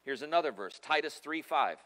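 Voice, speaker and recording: Speaking briskly with lively intonation, a man with a sharp, higher-pitched voice preaches as pastor in a church sanctuary. He mixes emphasis and conversational warmth with humorous asides, all under the long reverb of a church hall.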